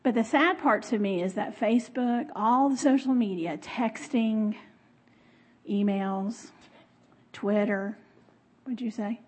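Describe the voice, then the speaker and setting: Middle-aged woman preacher, husky and a touch high, chatty and expressive with frequent laughs. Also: takes it slowly, long pauses. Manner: expressive, laughs often, talks with the audience. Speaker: speaker. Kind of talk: conversational sermon.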